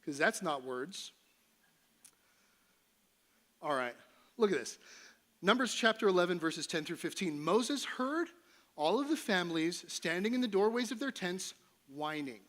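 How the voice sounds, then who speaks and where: A man's voice: high voice, sing-song, moderate pace, fairly bright tone. A middle-aged man, a pastor, preaching a casual, conversational sermon in a church sanctuary, joking and acting out voices of the figures he talks about. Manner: conversational, playful, acts out voices of Moses and God.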